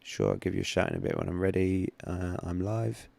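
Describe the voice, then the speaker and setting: Male streamer, deep voice, dry close sound, loose chatty delivery. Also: huge pitch swings, fairly quick, gravelly, a little mellow, no room sound. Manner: rambling, chatty, many restarts and fillers. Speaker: livestream host, trading analyst. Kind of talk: casual livestream chat.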